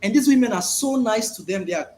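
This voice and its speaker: Male vlogger, animated storyteller, high lively voice, faint noise behind. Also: fast talker. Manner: animated, emphatic storytelling with repetitions. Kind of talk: casual vlog monologue. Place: at home, indoors.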